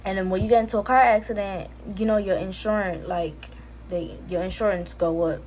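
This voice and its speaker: A Jamaican teenage girl vlogs a casual storytime, recorded on a phone camera, filling her chatty talk with lots of fillers and quoting others in lively voices. She has a medium-pitched voice and a brisk pace, with a little hiss or hum.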